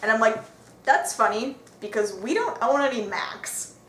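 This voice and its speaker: Young female podcast co-host, slightly high voice, animated storyteller, echoey room with faint hiss. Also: moderate pace. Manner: animated anecdote teller, laughs often. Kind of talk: casual group chat, storytelling.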